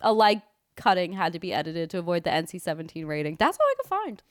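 A woman's voice: fairly low pitch, big pitch swings, fast talker, no room sound, studio quality. A woman co-hosting a podcast, chatting casually and sarcastically, laughing often. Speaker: podcast co-host. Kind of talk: casual movie chat.

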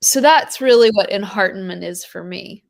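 A woman's voice: mid-range voice, moderate pace, vocal fry. Earnest woman musing on spirituality. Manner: earnest, rambling, emphatic with frequent "like" and "you know". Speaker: podcast guest. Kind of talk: spiritual conversation.

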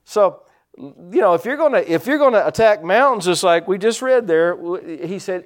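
A man preaching a sermon as pastor, folksy, telling stories and swinging his loudness up and down, from the United States. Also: high voice, lively intonation, moderate pace. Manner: folksy storytelling preacher, rising and dropping loudness.

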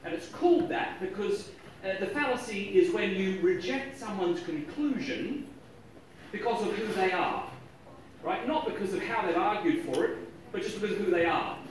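A man giving a joking, lively talk on logic to a live audience, often chuckling at his own jokes. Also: high voice, moderate pace. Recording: echoey hall, distant mic.

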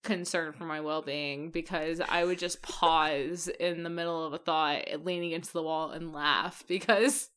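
A woman's voice: low voice, steady tone, unhurried, few pauses, fairly bright tone, smooth. A woman co-hosting a casual chat, laughing often and stopping to correct herself. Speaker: podcast co-host.

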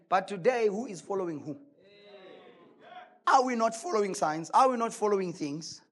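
A man's voice: sits high, expressive, measured pace, pauses often, fairly bright tone. A male preacher delivering a sermon emphatically, asking rhetorical questions.

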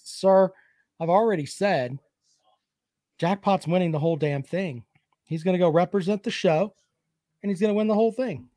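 A man's voice: sits high, moderate pace, pauses often, warm tone, no echo, clean studio sound. A man hosting a casual sports chat show, reading viewer comments and joking with profanity and trash talk.

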